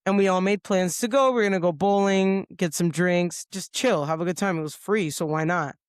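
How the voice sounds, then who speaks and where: A woman's voice: lowish voice, normal speed, smooth, no echo. A woman co-hosting a podcast in a studio, telling a story in casual chat and acting out the lines of the people in it. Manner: lively storyteller who acts out quoted lines. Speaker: podcast co-host.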